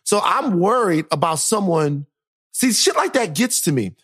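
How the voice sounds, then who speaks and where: A man hosting a podcast, telling a story in an animated, casual way. He repeats phrases for effect and swears freely. His voice sits somewhat high and sounds dry and close. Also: measured pace, breathy edge, no room sound. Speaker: podcast host.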